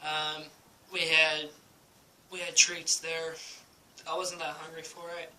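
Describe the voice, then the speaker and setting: A man's voice: on the high side, completely flat delivery, takes it slowly, pushed and bright, low-quality recording. A young man telling a casual vlog story at home, rambling with many ums and likes and laughing often. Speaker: vlogger. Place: at home, indoors.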